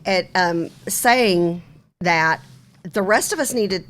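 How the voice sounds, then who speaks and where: A woman co-hosting a talk show, encouraging her guest and often restarting her sentences. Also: fairly low pitch. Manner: warm, encouraging, halting with restarts. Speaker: co-host. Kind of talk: casual talk show conversation.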